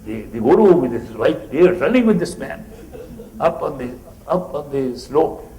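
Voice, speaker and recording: A spiritual teacher tells a story in a mellow, warm male voice and acts out the people in it with animation. He speaks in a hall with a roomy echo around him. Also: mid-range voice, very animated, normal speed. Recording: roomy echoey room.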